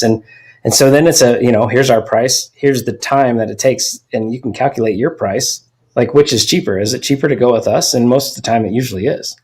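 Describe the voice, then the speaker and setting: A man's voice: medium pitch, steady tone, brisk, darkish tone, slightly rough. A man hosting a podcast, talking conversationally with fillers and small restarts. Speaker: podcast host.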